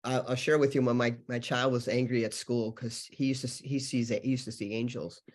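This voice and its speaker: A man's voice: mid-range voice, fairly even intonation, a little fast. Earnest man rambling about spirit work. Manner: earnest, rambling storytelling with many fillers. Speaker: podcast guest, healer and channeler. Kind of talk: spiritual interview conversation.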